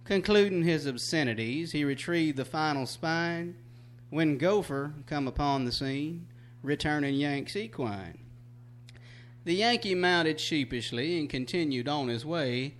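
A man reciting a rhyming cowboy poem on stage, then telling a folksy story in a drawl. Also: a little high. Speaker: cowboy poet performing.

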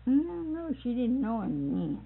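Older woman, gravelly voice, slow unhurried storytelling, tinny old tape. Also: fairly high pitch, very animated. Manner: laughs often while telling stories. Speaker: storyteller recalling family life. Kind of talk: casual oral history.

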